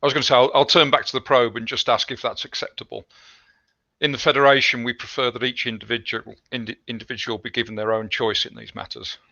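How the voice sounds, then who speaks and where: A man's voice: medium pitch, little pitch movement, fast talker, creaky, sharp tone, dry recording, lo-fi sound. A man playing as a starship captain in a tabletop game, speaking in character with hesitant fillers. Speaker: player voicing the ship's captain. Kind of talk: casual tabletop role-play.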